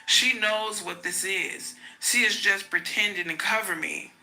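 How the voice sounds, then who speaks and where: A woman's voice: mid-range voice, measured pace, sharp tone, low-quality recording. A woman reading the lines of a manipulative ex-boyfriend. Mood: evasive. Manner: defensive and pleading. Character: manipulative adult man, ex-boyfriend.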